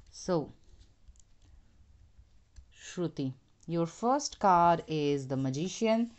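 A woman giving a tarot card reading to a viewer, speaking in an unhurried, reassuring way. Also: on the low side, darkish tone. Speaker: tarot reader.

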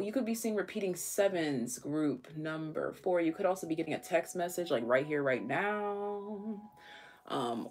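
A woman's voice: mid-range voice, darkish tone, a little hiss or hum. A woman giving a casual live tarot reading, chatty, with many fillers and casual swearing. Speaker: tarot reader.

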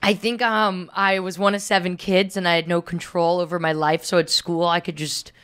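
Young woman comic, lowish voice, rambling funny stories, laughs a lot. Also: level tone, normal speed, a bit bright, clear, resonant tone. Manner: storytelling, laughs often, many likes. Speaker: comedian guest. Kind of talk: casual podcast chat.

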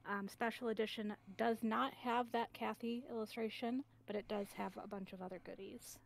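A woman's voice: a little high, fairly even intonation, normal speed, creaky, slight background noise. A woman chatting as a guest on a game stream, carefully laying out the details. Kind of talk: casual gaming stream chat.

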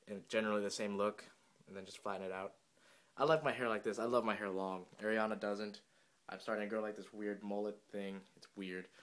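A young man chatting casually to his camera at home, giddy and jokey with quick asides. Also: lowish voice. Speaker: vlogger. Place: home room, indoors.

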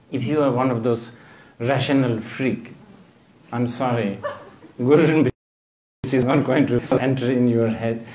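A man giving a dharma talk as a Buddhist teacher. He rambles, hunts for words, and fills the gaps with "you know," with gently humorous asides. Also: mid-range voice, a little hiss or hum. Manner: digressive, searching for words, frequent "you know".

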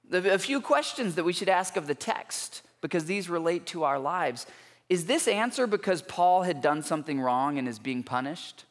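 A man preaching a sermon as a pastor, earnest and emphatic, building intensity with pauses for weight. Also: high-pitched, sing-song. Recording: long church hall reverb.

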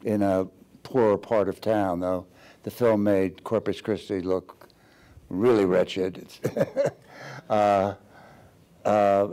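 A man's voice: lowish voice, dark tone. An older man on a panel telling stories from his career, hesitant with many fillers and breaking into laughs. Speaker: playwright on a panel. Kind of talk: onstage anecdotal storytelling. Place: theater stage before an audience.

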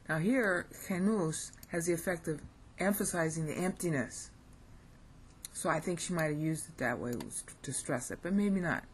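American woman reading greek out loud, low voice, faint hiss behind, keeps fixing herself. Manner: self-correcting, thinking aloud, repeats phrases rhythmically. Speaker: Greek language teacher. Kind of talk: casual recorded lesson, reading Greek aloud.

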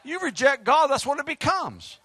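Preacher guy, high-pitched and all over the place, cracking jokes then hollering. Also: moderate pace, no echo. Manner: animated preaching, joking asides, shouted exhortations. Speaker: pastor. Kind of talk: fiery sermon.

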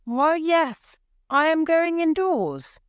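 A woman's voice: lively intonation, takes it slowly, no echo, studio quality, heavily acted. A woman voicing a frightened, pleading older woman. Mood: weak. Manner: pleading and high-strung. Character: frightened, guilty older woman, seventy-two. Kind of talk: audiobook character voice.

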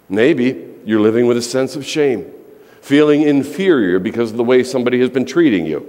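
A man's voice: medium pitch, expressive, brisk, a little mellow. A male pastor preaching a sermon to his congregation in a church, emphatic and repetitive, building phrases for effect. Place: church sanctuary. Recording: long reverb of a large church.

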